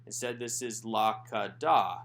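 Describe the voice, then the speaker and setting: A man teaching Biblical Hebrew grammar in a recorded workbook lesson, explaining step by step and slowing down to sound out each word. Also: fairly low pitch, creaky, fairly bright tone. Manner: methodical, slows down to sound out Hebrew words. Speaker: Hebrew instructor.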